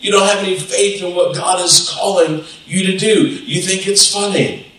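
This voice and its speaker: Animated preacher in an echoey church. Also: male voice, sits high, moderate pace, recorded from a distance. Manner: animated preaching, acting out voices of the disciples. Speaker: pastor. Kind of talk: sermon. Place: church sanctuary. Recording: echoey church hall, off-mic.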